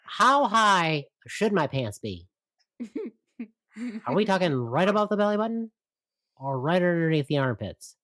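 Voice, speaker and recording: A man's voice: a little high, very animated, moderate pace, a bit bright, dry recording. A man voicing a prim, nerdy, overly polite man in a comic bit. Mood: mocking. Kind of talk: comic impression in a podcast chat.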